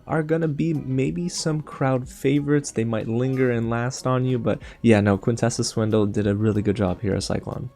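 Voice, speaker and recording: A man's voice: medium pitch, mellow. A man hosting a movie review channel, talking through his thoughts in a chatty, upbeat, conversational way. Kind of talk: casual spoken film review.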